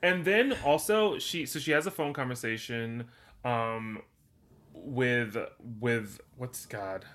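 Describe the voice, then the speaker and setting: A man's voice: medium pitch, slow, a bit bright. A man co-hosting a casual movie podcast, teasing dryly and rambling through his notes. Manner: dry teasing, rambling with fillers. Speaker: podcast co-host.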